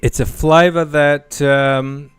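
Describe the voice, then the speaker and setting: A man hosts a relaxed quiz game, reading out clues and dropping playful hints along the way. His voice is smooth and resonant, with a dry sound close to the mic. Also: on the high side, slow pace, dry recording. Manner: joking, chatty, hints freely at answers. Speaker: quiz host. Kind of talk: casual game-show hosting.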